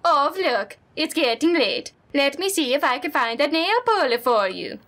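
A kindly older neighbor lady from a horror game, polite and gently lilting, with a Minnesotan accent, as a woman puts her on. The voice sits well above the player's own, high and sweet. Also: big pitch swings, normal speed, a little hiss or hum, exaggerated voice.

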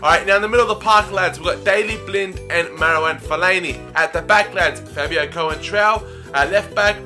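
Young man as gaming commentator: high, bright voice, excitable, bursts into shouts at near misses. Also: normal speed, soft background music. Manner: chatty, addresses viewers as lads. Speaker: gaming YouTuber. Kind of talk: live video game commentary.

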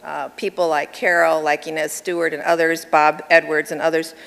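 A woman's voice: deep voice, flat delivery, moderate pace, vocal fry, a bit bright. A middle-aged woman giving an award acceptance speech in a personal, chatty way, with laughs between her remarks. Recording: long hall reverb with crowd behind.

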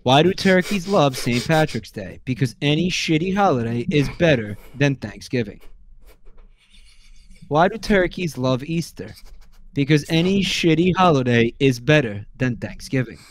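A man on a stream reading out a list of jokes in a weary, deadpan way, sounding exasperated. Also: on the high side, normal speed, a little hiss or hum. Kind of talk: casual stream chat.

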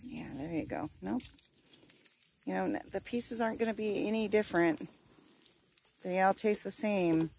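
A woman's voice: medium pitch, normal speed, creaky, long pauses, a little mellow, slight background noise. A woman on her farm talking playfully to her goats in affectionate baby talk. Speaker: farm vlogger. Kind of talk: casual chat with farm animals. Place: outdoors on a small farm.

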